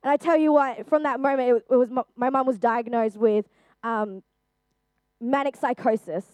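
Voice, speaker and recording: A woman's voice: a little high, moderate pace, a little mellow, dry recording. Earnest young woman, dry close sound. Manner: earnest, chatty, with frequent fillers. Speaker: youth speaker. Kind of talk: personal testimony talk.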